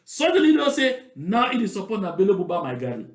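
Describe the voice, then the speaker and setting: A man's voice: sits high, wildly swooping pitch, fast, reverberant. A man speaking Cameroonian Pidgin English, giving mocking, emphatic political commentary and repeating points for stress.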